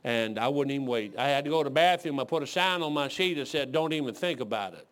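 A man's voice: mid-range voice, expressive, quick pace, a bit bright. A man in his sixties from Detroit, preaching a folksy sermon full of rambling, joking stories. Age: 60s.

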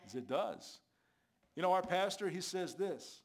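A man's voice: high voice, expressive, fairly quick, slight background noise. A man preaching a sermon as a street preacher, telling stories and asking rhetorical questions with emphatic delivery.

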